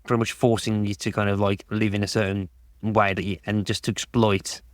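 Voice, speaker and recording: A man's voice: on the low side, flat delivery, fairly quick, no echo, clean studio sound. A man talking casually on a podcast, rambling and restarting his sentences with lots of "like". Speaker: podcast guest.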